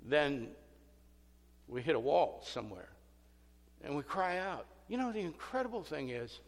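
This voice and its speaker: A man preaching a sermon as pastor, animated and emphatic with self-deprecating asides. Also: on the high side, a little slow. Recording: long hall reverb.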